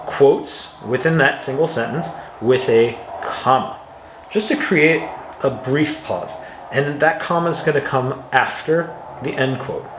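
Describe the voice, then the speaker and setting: In a roomy recording with slight background noise, a medium-pitched man walks patiently through English punctuation examples, reading each with exaggerated intonation. A dry throat makes him clear it from time to time.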